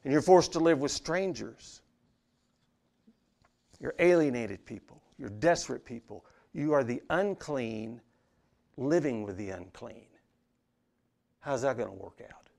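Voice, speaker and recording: Gravelly man preaching with big swings. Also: mid-range voice, animated, measured pace, long pauses. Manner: dynamic, swings from hushed to loud and emphatic. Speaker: pastor. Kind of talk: sermon.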